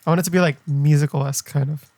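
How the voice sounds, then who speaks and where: Higher-voiced young man, dry and close. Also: very fast, no echo. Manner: chatty, lively interjections. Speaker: podcast co-host. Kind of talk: casual chat.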